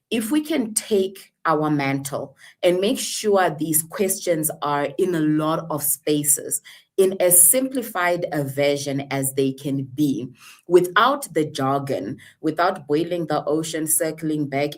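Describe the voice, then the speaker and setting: Low-voiced woman, impassioned panel speaker. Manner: earnest, rhetorical, drawn-out emphasis.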